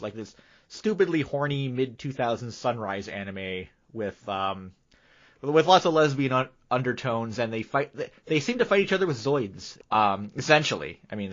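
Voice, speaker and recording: A male host whose voice swings up and down as he asks his questions, stumbling and repeating words as he goes. His pitch sits in an ordinary middle range. The recording has a dull, lo-fi sound. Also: fairly bright tone. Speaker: podcast host. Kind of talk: casual interview questions. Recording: dull lo-fi audio.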